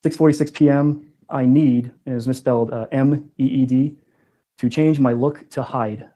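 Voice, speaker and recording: A man testifying as a witness in court, calmly reading out a list of items and spelling out words letter by letter. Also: mid-range voice, moderate pace, low-quality recording. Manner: matter-of-fact, reads items out and spells them.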